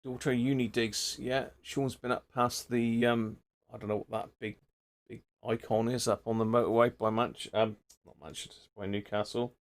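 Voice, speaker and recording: A man's voice: medium pitch, level tone, moderate pace. Chatty man hosting a live stream. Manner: chatty, rambling, greets viewers by name. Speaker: livestream host. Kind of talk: casual live stream chat. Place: home workshop.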